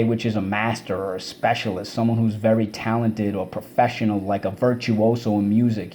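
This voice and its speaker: A man's voice: lowish voice, darkish tone, slight background noise. Man drilling spelling words aloud. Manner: call-and-response drilling, repeating words syllable by syllable. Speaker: teacher. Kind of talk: spelling and vocabulary lesson.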